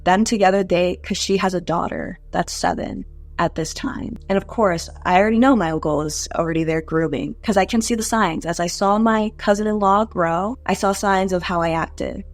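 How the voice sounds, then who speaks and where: Lowish-voiced young woman telling her story. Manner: candid, conversational, many "like" fillers. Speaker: interview guest. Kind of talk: personal storytelling interview.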